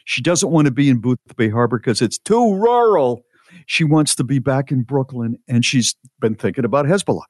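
Animated male podcast storyteller, dry sound. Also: mid-range voice, moderate pace, dry recording. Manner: animated, mock-indignant storyteller. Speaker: podcast host. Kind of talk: casual storytelling.

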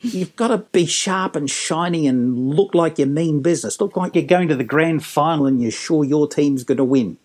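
Middle-aged man, lively storyteller and business trainer, chatty, acts out bits of dialogue. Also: a little high, moderate pace. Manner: animated storyteller, acting out quotes. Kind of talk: casual interview talk.

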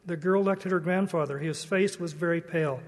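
Earnest high-voiced man in a hall. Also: fairly quick. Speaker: church speaker. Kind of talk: devotional talk.

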